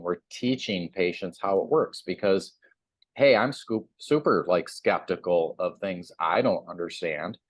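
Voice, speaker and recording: A man's voice: deep voice, no room sound. A man, a chiropractor guest on a sponsored TV segment, chatting casually and acting out the voices in his own story. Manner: animated storyteller, acts out quotes.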